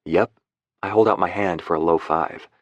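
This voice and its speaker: A man's voice: sits low, steady tone, fairly quick, no room sound, highs cut off. A man reading a romance audiobook in first person, with a wry, easygoing manner, recorded close on a studio mic. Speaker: audiobook narrator.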